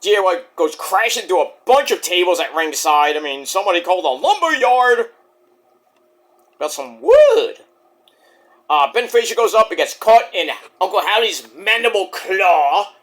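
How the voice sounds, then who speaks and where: Man, wrestling review vlog, excitable, swearing, high voice, very lively. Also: normal speed, hardly any pauses. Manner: excitable, profane, with sudden yelled exclamations.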